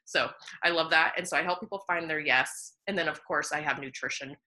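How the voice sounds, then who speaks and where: A woman nutritionist talking in a casual interview, bubbly and animated, laughing often between thoughts. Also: low voice, brisk.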